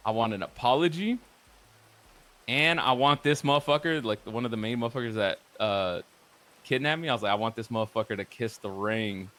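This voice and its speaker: A man's voice: medium pitch, fairly quick, fairly bright tone. A man casually recounting events from a roleplay game, profane and rambling with lots of filler words. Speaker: roleplay streamer. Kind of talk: casual storytelling.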